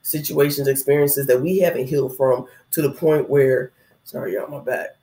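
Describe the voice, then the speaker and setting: A man's voice: mid-range voice, fairly even intonation, normal speed, mellow. A man in his thirties talking casually and reflectively about spiritual growth, rambling in a conversational way. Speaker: spiritual vlogger. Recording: echoey room.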